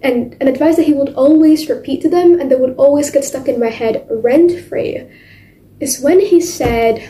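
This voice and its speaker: A woman's voice: high voice, dark tone. Fields: dramatic teenage girl, contest speech. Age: teens. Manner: dramatic, with theatrical pauses and volume swings. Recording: echoey room.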